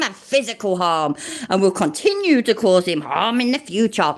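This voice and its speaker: Sweary British woman with lively pitch. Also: fairly quick. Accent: English (British). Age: middle-aged. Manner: sweary, sarcastic, laughs often, mocks what she reads. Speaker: livestream host reading a legal document to chat. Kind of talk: casual livestream chat.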